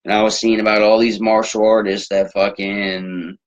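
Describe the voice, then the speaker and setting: A man's voice: on the low side, little pitch movement, moderate pace. A man hosting his own sports talk show, ranting in a rambling, profane way with lots of fillers. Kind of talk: solo sports rant. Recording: dull lo-fi recording.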